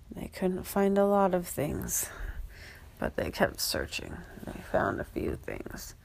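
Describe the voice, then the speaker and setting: A woman's voice: fairly low pitch, vocal fry, a little mellow. A woman making up a children's story as she goes, rambling along with fillers and restarts. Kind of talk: improvised children's story narration.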